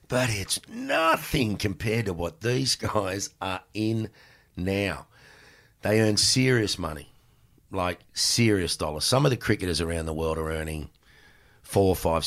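An Australian man in his sixties, a former cricketer, telling animated stories in casual chat and swearing freely. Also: low voice. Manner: animated, acts out exchanges in raised voice, swears freely. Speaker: podcast guest, former cricketer.

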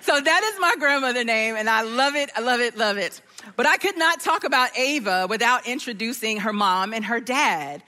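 Bright high-voiced middle-aged woman speaker. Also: moderate pace, long reverb tail. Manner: warm storytelling, expressive and playful. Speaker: church staff guest speaker. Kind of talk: church talk.

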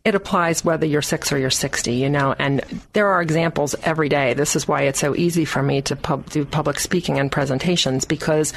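A lively woman with a fairly low voice tells anecdotes as an interview guest. She jumps up in pitch to act out the people she quotes. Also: fairly quick, creaky, hardly any pauses. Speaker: author guest. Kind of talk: animated storytelling in an interview.

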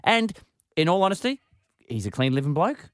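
A man's voice: fairly high pitch, big pitch swings, normal speed, dry recording, clean studio sound. A male radio co-host, telling jokey stories in casual chat and acting out the voices of the people in them. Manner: storytelling, acts out quoted voices, jokey.

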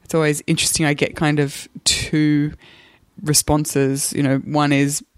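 A woman hosting a podcast in casual chat, her voice croaky and hoarse from the flu, laughing often between fillers. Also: low voice, level tone, measured pace, dry recording, studio quality. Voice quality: hoarse, gravelly. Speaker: podcast host.

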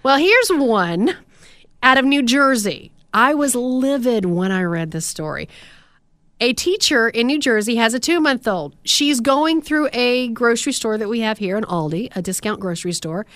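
Animated storytelling woman, dry close sound. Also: on the high side, moderate pace, dry recording. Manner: animated storytelling, indignant asides. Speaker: podcast co-host. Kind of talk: casual chat.

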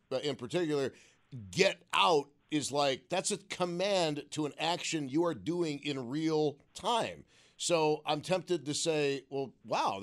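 A man hosting a call-in radio show, musing wryly and asking probing questions of callers. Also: fairly high pitch. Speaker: radio talk show host.

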